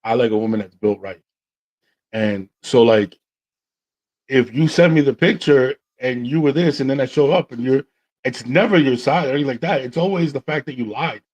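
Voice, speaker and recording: A man hosting a podcast, telling stories in a casual, slangy, animated way and acting out what people said. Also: mid-range voice, moderate pace. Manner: animated, slangy, acts out quotes. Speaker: podcast host. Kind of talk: casual storytelling chat.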